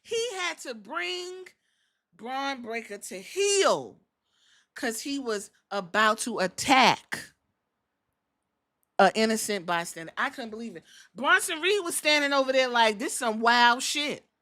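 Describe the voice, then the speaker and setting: A woman with a fairly high voice hosts a podcast and recaps wrestling in loose, joking chat. She swears freely and acts out the lines of the people she talks about. Her tone is bright and forward. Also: takes it slowly. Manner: animated storytelling, acting out quotes, profane and joking. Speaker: podcast host.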